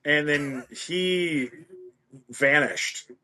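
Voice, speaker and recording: A man's voice: a little high, drawn-out words, pushed and bright. A middle-aged man telling a story as a podcast guest, playfully acting out the voices of the people in it. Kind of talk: casual interview storytelling.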